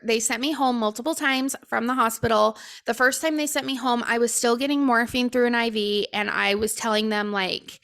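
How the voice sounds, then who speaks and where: Bright-voiced young woman telling a story. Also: a little high, gravelly. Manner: candid, filler-heavy retelling with quoted dialogue. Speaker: podcast co-host. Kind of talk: solo podcast storytelling.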